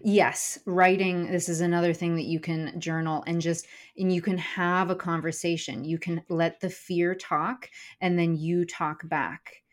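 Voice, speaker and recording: A woman's voice: on the low side, little pitch movement, measured pace, few pauses. A young adult woman, a comedian and speaker, talking candidly in a podcast interview and swearing casually. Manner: candid, swears casually, acts out inner voices. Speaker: guest, comedian and keynote speaker.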